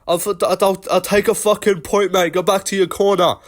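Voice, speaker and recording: A man doing an impression of a shouty, bossy male fight referee who barks orders and calls everyone buddy. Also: high voice, level tone, a little fast, pitched above the performer's own voice, lightly acted. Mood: shouting.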